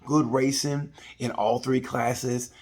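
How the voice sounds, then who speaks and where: A man's voice: mid-range voice, little pitch movement, takes it slowly, darkish tone. A man hosting his own video channel, giving a casual, rambling race review with jokes and nicknames. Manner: chatty, jokey, loose with nicknames. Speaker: vlog host reviewing a race.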